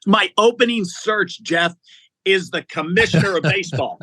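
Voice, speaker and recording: Energetic storytelling man in his sixties. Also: high-pitched, normal speed, husky, dry recording. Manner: enthusiastic, tumbling sentences with many restarts. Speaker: interview guest, executive recruiter. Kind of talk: conversational storytelling.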